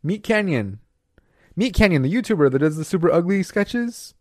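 Seorang pria muda yang mengobrol santai sebagai pembawa acara, sering bercanda dan tertawa. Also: male voice, on the high side, sing-song, a little mellow, no room sound, studio quality. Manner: joking, quick asides, laughs often. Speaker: podcast co-host. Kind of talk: casual chat.

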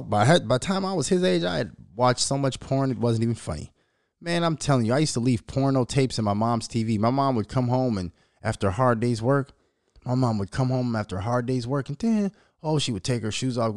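A man's voice: mid-range voice, dry recording, studio quality. A man in his thirties hosting his own show, telling profane stories in a casual monologue. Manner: profane, animated storytelling. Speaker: show host.

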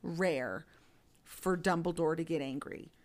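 A young woman co-hosting a podcast, discussing a book casually with eager reactions and frequent laughter. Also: low voice. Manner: enthusiastic, laughs often, quick reactions. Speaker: podcast co-host.

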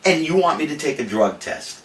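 A man's voice: fairly high pitch, a little fast. An older man spins a brash, boastful tale, acting out the other people's lines as he goes. He sits back from the mic in a roomy space, with a faint hiss under him. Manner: brash, boastful, animated storytelling with mock-quoted voices. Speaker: podcast host saying farewell. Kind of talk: casual storytelling monologue. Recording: roomy, distant, faint noise.

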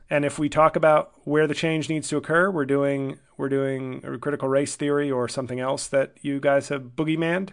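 A man's voice: on the high side, level tone, a little fast, hardly any pauses, clear, resonant tone. A comedian hosting his podcast alone, talking in a rambling, self-deprecating and sardonic way, often swearing. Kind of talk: solo casual monologue.

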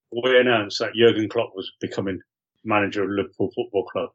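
A man's voice: fairly low pitch, fairly even intonation, a little fast, dull audio. A man, a podcast guest, chatting casually about football and pressing his point insistently.

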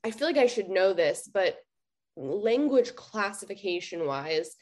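A woman's voice: medium pitch, unhurried. Chatty woman host. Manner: relaxed, filler-heavy with frequent "like", laughs readily. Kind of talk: casual interview chat.

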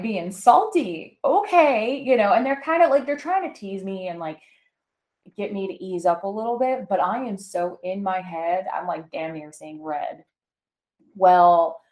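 A woman co-hosting a podcast in casual personal chat, candid and rambling, full of "like" and "you know", recorded at home. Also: fairly low pitch. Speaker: podcast co-host. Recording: echoey room.

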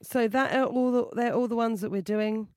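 A woman's voice: a little high, steady tone, moderate pace, a little mellow, no room sound, clean studio sound. A woman co-hosting a casual comedy podcast, telling self-mocking stories in a chatty way. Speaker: podcast co-host.

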